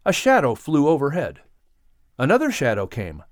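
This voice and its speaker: A man's voice: a little high, normal speed, dry recording, studio quality. A man reading a children's animal adventure audiobook aloud, acting out the animal characters. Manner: expressive, acts out the animals. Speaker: audiobook narrator. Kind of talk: storybook narration.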